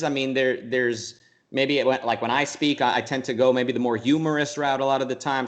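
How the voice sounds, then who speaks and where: A young man chatting in an interview, working through ideas as he speaks. His pitch sits in the middle, and he stumbles and restarts often. Sometimes he slips into mocking voices. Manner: thoughtful, rambling, restarts a lot, sometimes mimics voices. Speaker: interview guest. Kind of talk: casual conversational interview.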